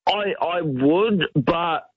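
A man's voice: a little high, very slow, breathy edge, dry recording, lo-fi sound. A man from New Zealand chatting casually on air and telling easygoing stories.

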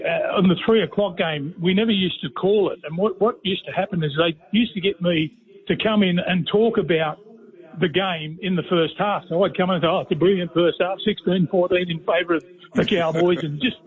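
Brief: Australian man, high voice, rambling folksy radio guest on a phone line. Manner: rambling, folksy, says "mate" constantly. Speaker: radio guest, former player and commentator. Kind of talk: casual storytelling chat.

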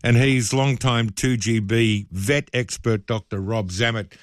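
A man's voice: medium pitch, steady tone, unhurried, dry recording. A man with an Australian accent hosting a casual talkback radio show, chatty and self-deprecating, with loose asides, speaking into a studio microphone. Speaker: radio host.

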